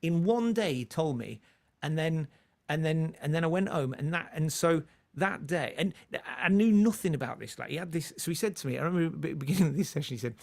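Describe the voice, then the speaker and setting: Gravelly-voiced man in his forties. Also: a little high, lively intonation, a little fast, few pauses. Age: 40s. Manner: rambling, with many restarts and laughs. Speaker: guest comedian. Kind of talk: relaxed storytelling in conversation.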